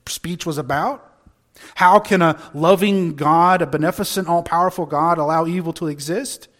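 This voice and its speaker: A male pastor delivers a sermon in a notably high voice. He is earnest and argumentative, pressing rhetorical questions and often restarting his words mid-thought.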